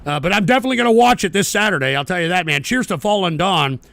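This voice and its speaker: A man's voice: high-pitched, expressive, racing, vocal fry, fairly bright tone, no room sound. A man hosting a live-stream show, reading chat messages and answering them with profane, combative rants. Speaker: livestream radio host.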